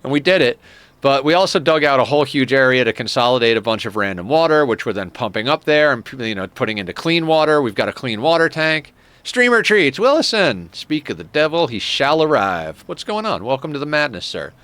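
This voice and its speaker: A male streamer of middling pitch chats his way through a game, rambling between tangents and cursing freely. He chuckles often and talks into a desk mic at home in an easy, loose manner. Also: sing-song, fairly quick, a bit bright, smooth, no echo. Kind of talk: casual live-stream game commentary.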